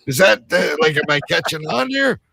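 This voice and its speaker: A man's voice: a little high, animated, a little fast, vocal fry, sharp tone, no echo, studio quality. A man co-hosting a casual chat, joking, rambling and swearing. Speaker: co-host.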